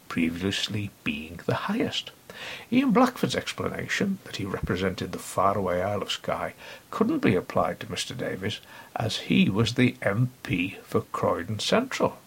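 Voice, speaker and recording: A man's voice: on the low side, gravelly, a bit bright, husky. A middle-aged man hosting a podcast, reading a scripted satirical review in a dry, sardonic, mock-pompous manner. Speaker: podcast host.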